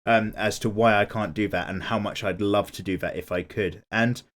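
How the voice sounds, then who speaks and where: A man's voice: lowish voice, steady tone, moderate pace, a bit bright. A man, chatting casually while drawing and answering viewer comments in a laid-back, playfully indignant way. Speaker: art YouTuber.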